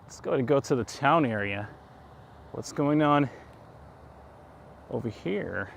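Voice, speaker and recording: A man's voice: medium pitch, expressive, slow, vocal fry, slight background noise. A man with a slight New York accent, hosting a casual walk-and-talk livestream outdoors at night, rambling and chuckling as he goes. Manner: rambling, chatty, chuckling asides. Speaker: livestream host. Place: outdoors on town streets at night.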